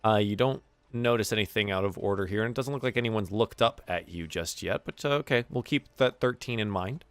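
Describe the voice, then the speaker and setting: A man's voice: lowish voice, fairly quick, hardly any pauses, no room sound. A man narrating as game master in a tabletop game, casual and full of fillers.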